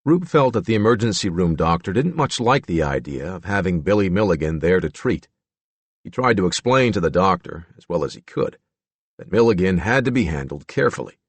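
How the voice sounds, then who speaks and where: A man narrating a true-crime audiobook in a measured storytelling manner. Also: deep voice, very animated, slightly rough, no echo. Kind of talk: scripted narration.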